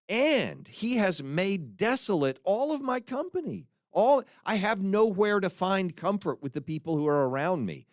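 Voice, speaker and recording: A man giving a conversational Bible teaching on a podcast, earnest and animated as he quotes scripture with feeling. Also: high voice, measured pace, hardly any pauses, no echo, studio quality.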